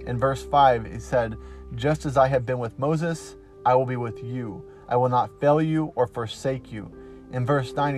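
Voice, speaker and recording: A man preaches a devotional podcast sermon in an earnest, emphatic way, pausing to let lines land. His voice sits at an ordinary middle pitch. Soft guitar plays faintly beneath him. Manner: slow, earnest, emphatic with pauses.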